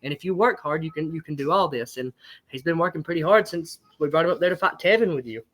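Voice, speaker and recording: Fast-talking, high-voiced man. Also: fairly bright tone. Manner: blunt, emphatic, swears freely. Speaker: fight promotion owner, guest. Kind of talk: casual interview chat.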